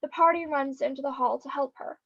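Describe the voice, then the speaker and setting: A woman with a high voice reads stage directions briskly and a little wryly. The sound is dull and lo-fi, like video call audio. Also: fairly bright tone. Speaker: narrator.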